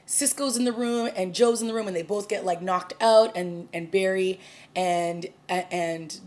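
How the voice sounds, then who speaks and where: A woman talks through a TV episode she just watched, chatting casually as a review vlogger. Her voice sits at an ordinary middle pitch. She stumbles and restarts often, padding her lines with fillers as she recaps. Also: normal speed, darkish tone.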